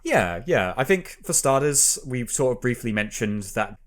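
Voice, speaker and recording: A man co-hosts a relaxed games podcast, talking with an animated, up-and-down voice. He laughs easily and sometimes slips into a mock old-time announcer tone while retelling scenes. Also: medium pitch, normal speed. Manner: animated, laughs often, puts on a newscaster voice at times. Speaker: podcast co-host. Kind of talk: casual chat about games.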